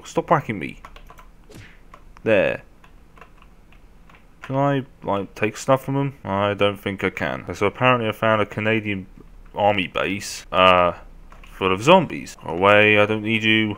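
A young man commentating a game as he plays, often shouting at zombies. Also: lowish voice, measured pace, pauses often, smooth. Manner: animated, often yelling at zombies. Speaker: gameplay commentator. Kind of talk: let's play commentary.

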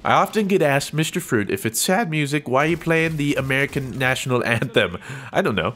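Excitable young man narrating his gameplay. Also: a little high, a little fast, slight background noise. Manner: excitable, jokey, prone to yelps and laughs. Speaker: gaming YouTuber. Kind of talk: gameplay commentary.

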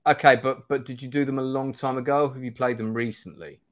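A man's voice: mid-range voice, fairly even intonation, a little fast, dry recording, clean studio sound. A man hosting a live stream, reading a gamebook aloud and chatting in a rambling, self-deprecating way. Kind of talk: live-stream play-through narration and chat.

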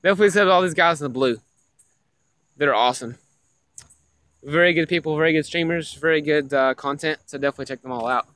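Young man, excitable streamer, keeps repeating himself, fairly high pitch, dry sound. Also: fast talker, pauses often, dry recording. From Tennessee. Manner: excitable, repeats himself, addresses chat as guys. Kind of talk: casual live-stream gaming chat.

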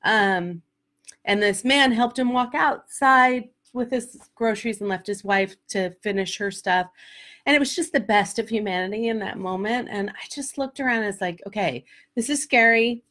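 A woman's voice: mid-range voice, moderate pace, fairly bright tone. A middle-aged woman, a life coach, telling a story straight to camera in a candid, emotional way, with many fillers. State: tearful at times. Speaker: life coach and vlog host. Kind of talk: casual direct-to-camera vlog.

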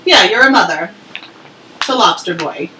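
A woman's voice: mid-range voice, expressive, moderate pace, sharp tone, a little hiss or hum. A woman playing a curt, dismissive casting director in a comedy sketch. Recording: roomy, distant mic with faint ambience.

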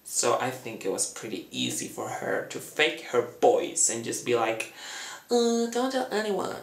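A man talking through a fan theory in a chatty, dramatic way, acting out quotes in a high voice. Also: expressive, a little slow, creaky, echoey room. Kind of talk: casual fan theory talk.

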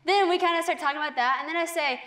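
A woman's voice: extremely high pitch, rapid-fire, fairly bright tone. A young woman on a faith talk show, telling a personal story earnestly, with frequent "like" and small laughs. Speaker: guest speaker.

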